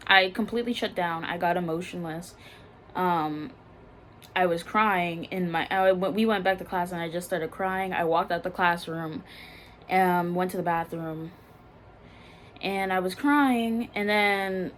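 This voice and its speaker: A woman's voice: medium pitch, fairly bright tone, a little hiss or hum. Rambling young woman telling her story. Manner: rambling, halting, many fillers and restarts. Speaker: vlogger telling a personal story. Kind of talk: casual storytime. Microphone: phone.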